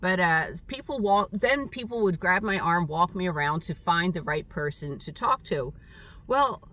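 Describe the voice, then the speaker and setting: A woman's voice: on the low side, animated, pushed and bright, recorded from a distance. Older woman rambling, set back from mic. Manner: rambling, halting, many fillers. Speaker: vlogger. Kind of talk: casual storytelling monologue.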